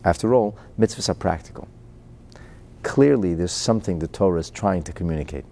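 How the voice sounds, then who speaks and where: A man's voice: low voice, lively intonation, a little fast, creaky, warm tone. A man teaching Torah and explaining a Chassidic discourse. He reads out Hebrew phrases, translates them into English, asks rhetorical questions and chuckles between points.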